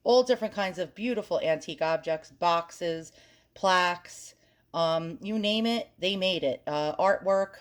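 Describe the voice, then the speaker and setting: A woman's voice: lowish voice, unhurried. A woman hosting an antiques channel, talking casually and frankly as she browses listings on her computer, swearing mildly and stumbling over French words. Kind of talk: casual screen-recorded research commentary.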